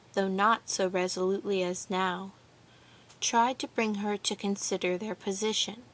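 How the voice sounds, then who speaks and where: Slow, measured woman audiobook narrator. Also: medium pitch. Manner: measured, deliberate reading. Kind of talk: scripted narration.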